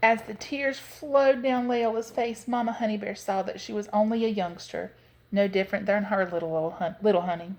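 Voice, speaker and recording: A woman narrating a children's storybook aloud in a gentle, expressive way. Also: medium pitch, moderate pace, a little hiss or hum. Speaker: reader.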